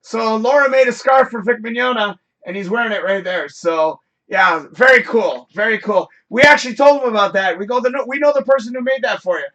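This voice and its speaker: High, bright-voiced man telling a rambling story. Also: a little fast, few pauses, lo-fi sound. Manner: rambling, animated, swears freely. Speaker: show host. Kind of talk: casual storytelling on a live show.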